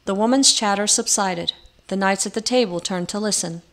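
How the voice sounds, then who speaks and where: A woman narrating a storybook in an expressive, measured way. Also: medium pitch. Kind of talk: storybook reading.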